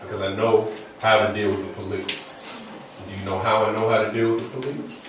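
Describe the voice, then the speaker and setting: A man doing a stand-up comedy set on a club stage, an animated storyteller with punchy asides, using a handheld mic. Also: lowish voice, a little fast, noisy background. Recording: echoey club room, distant mic, loud crowd.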